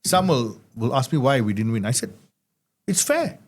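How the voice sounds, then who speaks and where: A man's voice: mid-range voice, brisk, breathy edge. A man, the founder of an awards event, chatting as an interview guest inside a car and acting out the conversations he recalls. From Malaysia. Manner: animated, acts out quoted exchanges. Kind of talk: casual storytelling in an interview.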